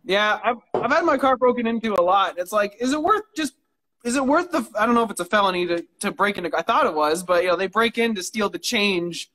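A high-pitched man chatting in a casual interview. He rambles through his stories, swearing freely and laughing often, heard through a phone on a live stream. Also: lively intonation, a little fast, bright, forceful tone. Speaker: guest knife maker.

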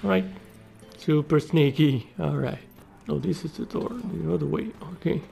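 Gamer dude swearing at the game, kinda high gravelly voice, game music going behind him. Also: male voice, normal speed. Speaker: gaming YouTuber. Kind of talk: let's play commentary.

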